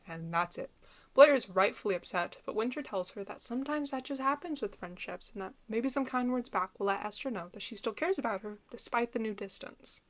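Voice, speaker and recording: A woman giving a casual book review, summarizing the plot in a blunt, outspoken way and swearing freely. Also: medium pitch.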